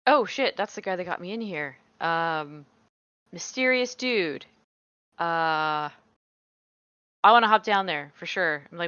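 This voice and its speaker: Excited woman player, smooth voice. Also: fairly low pitch, measured pace, pauses often, no echo. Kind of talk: tabletop game play. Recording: dull, dry sound.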